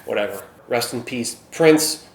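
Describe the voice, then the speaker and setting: A man's voice: mid-range voice, lively intonation, unhurried. A man from Minnesota with a Minnesotan accent, chatting casually to camera as a vlogger, self-deprecating and peppering his talk with "okay?" asides. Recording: echoey room with faint ambient noise.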